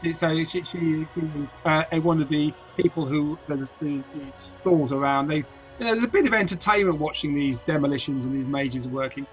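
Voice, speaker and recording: A man narrating as game master of a tabletop game, his voice a little higher than most men's. He stalls often on "uh" and repeated words. Faint music plays behind him. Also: fairly quick. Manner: hesitant, full of fillers and restarts.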